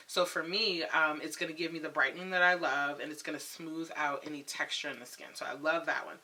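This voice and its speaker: Young woman beauty vlogger, chatty and frank, crisp forceful tone. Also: low voice. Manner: chatty, candid, laughs often. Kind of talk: casual skincare chat.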